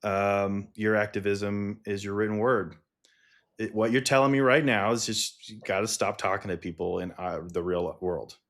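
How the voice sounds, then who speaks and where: A man's voice: fairly low pitch, normal speed, a bit bright. A man hosting a podcast interview, chatting casually, laughing along and teasing his guest. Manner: teasing, laughs along, brief backchannel remarks. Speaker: podcast host.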